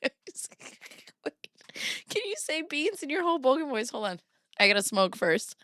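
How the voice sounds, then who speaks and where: A woman streamer in her thirties talks casually to her chat, giggling and breaking into laughter. Her voice sits a little high and her pace is unhurried and drawn out. The sound is close and dry, with no room around it. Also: sing-song, a bit bright, dry recording. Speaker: streamer host.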